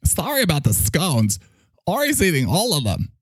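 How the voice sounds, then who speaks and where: A man putting on a high falsetto voice as a gushing, sing-song show hostess. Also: huge pitch swings, normal speed, no room sound, clean studio sound.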